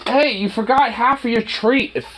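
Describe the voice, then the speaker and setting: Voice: medium pitch, moderate pace, noisy background. A dog owner chatting casually to their pet dog, teasing it playfully in baby talk with swearing and laughter.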